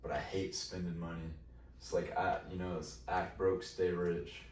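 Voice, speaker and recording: A man with a very deep voice chats as a podcast guest, laid-back and drawling, tossing in casual slang. His voice sounds roomy and comes from some distance off the mic. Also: level tone, moderate pace, a little mellow, slight background noise. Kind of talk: casual chat.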